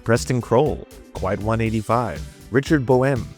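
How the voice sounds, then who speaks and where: A man's voice: mid-range voice, a little slow, a little mellow, soft background music. A man hosting the channel outro, thanking patrons and reading out their names steadily. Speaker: channel host.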